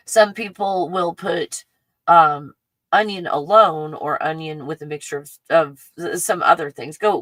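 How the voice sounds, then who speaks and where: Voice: mid-range voice, a bit bright, no echo, rough recording. A livestream host at home, chatting in a scattered, casual way, laughing often and talking to a puppy between thoughts. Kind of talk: casual rambling livestream chat.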